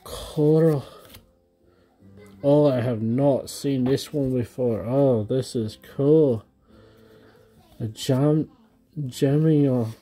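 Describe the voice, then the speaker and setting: A man in his thirties chatting casually to viewers at home as he opens trading card packs, excitable and gushing over each card. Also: mid-range voice, very slow, pauses often, faint music behind. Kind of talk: casual unboxing chat.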